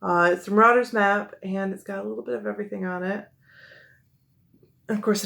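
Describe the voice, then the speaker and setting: A woman's voice: medium pitch, steady tone, brisk, gravelly. A young woman with a Midwestern accent, chatting casually and rambling with many fillers and self-corrections as she shows off her collection. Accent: American Midwest. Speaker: collector showing her mugs. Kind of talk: casual show-and-tell chat.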